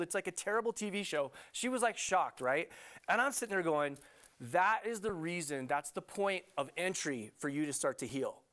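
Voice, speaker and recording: A middle-aged man talks in a TV studio interview, rambling eagerly through his points with plenty of fillers. His voice sits a little on the high side. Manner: animated, rambling with many fillers. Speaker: love coach, guest.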